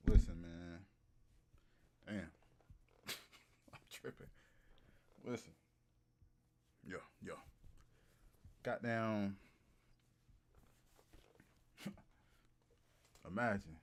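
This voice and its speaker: A man livestreaming and riffing comically to his chat, animated and hyped, repeating lines for laughs. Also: deep voice, extremely slow, long pauses, a little hiss or hum. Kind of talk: casual comedic riffing to a live chat.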